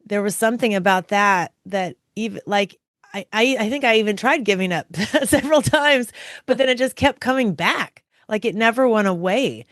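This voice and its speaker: A woman co-hosting a business podcast in a slightly hoarse, raspy voice, talking in a rambling way and often correcting herself. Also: medium pitch, moderate pace, no echo, studio quality. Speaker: podcast co-host. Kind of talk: casual podcast chat.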